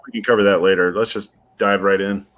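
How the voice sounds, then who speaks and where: A man co-hosting a movie podcast in casual chat, with dry deadpan jokes and halting, thoughtful explanations. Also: lowish voice. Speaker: podcast co-host.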